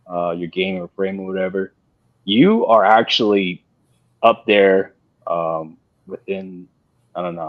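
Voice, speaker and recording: A man talking on a panel in a casual discussion, halting and repeating himself with many fillers. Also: deep voice, no echo. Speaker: panel guest. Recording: dull dry lo-fi sound.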